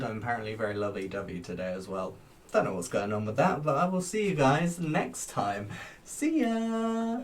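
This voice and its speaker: A man who performs in drag gives a casual review from his home office, bubbly and quick to giggle, rambling through fillers. His voice sits at an ordinary pitch and sounds a little distant from the mic, with a faint hum of background noise underneath. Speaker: drag queen reviewing a TV show.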